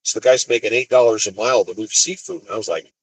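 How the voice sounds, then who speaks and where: Rambling low husky man driving. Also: quick pace, dry recording, poor audio. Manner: rambling, restarts sentences, retells conversations. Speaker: expediter truck driver. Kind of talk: casual storytelling while driving. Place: inside a vehicle on the road.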